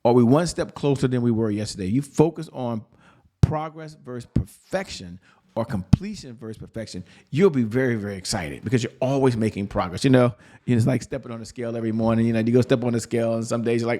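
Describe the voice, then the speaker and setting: A man's voice: mid-range voice, expressive, fast, mellow. Upbeat man giving a sales pep talk. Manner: upbeat, repeats slogans, asks rhetorical questions. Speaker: podcast host and sales coach. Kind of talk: motivational business talk.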